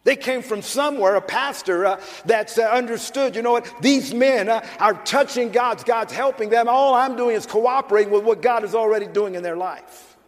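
A man's voice: extremely high pitch, normal speed. An older man pastor preaching a sermon in an emphatic, conversational way, with restarts and asides. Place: church sanctuary. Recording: church hall with long reverb.

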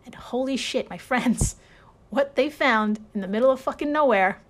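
A woman's voice: fairly high pitch, normal speed. Sarcastic woman podcast host. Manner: sarcastic, swears, laughs often. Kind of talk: casual storytelling podcast.

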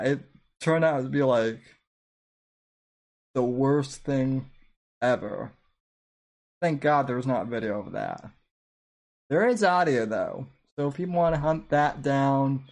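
Rambling, self-mocking male podcaster. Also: medium pitch. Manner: rambling, self-deprecating, restarts often. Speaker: podcast host. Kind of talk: casual reflective commentary.

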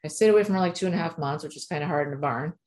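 Low-voiced woman telling a story emphatically. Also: rapid-fire, darkish tone. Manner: emphatic, chatty, lots of "like". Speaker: animal communicator. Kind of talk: casual storytelling monologue.

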